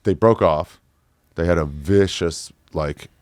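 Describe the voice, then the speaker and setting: A middle-aged man with a very low voice, chatting loosely as a podcast guest. He spins travel stories, drops in curse words and acts out what others said to him. The sound is close and dry, with no room around it. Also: takes it slowly, no echo. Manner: animated storyteller who swears and acts out other people's lines. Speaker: podcast guest, touring comedian. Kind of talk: casual chat, storytelling.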